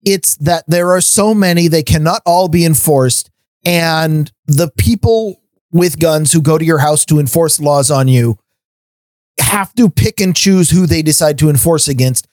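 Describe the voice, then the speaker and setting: A man's voice: fairly high pitch, measured pace, a little mellow, no echo. A middle-aged man co-hosting a podcast, ranting in casual chat, often stammering on restarts. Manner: ranting, stammers on restarts, laughs between points. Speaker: podcast co-host.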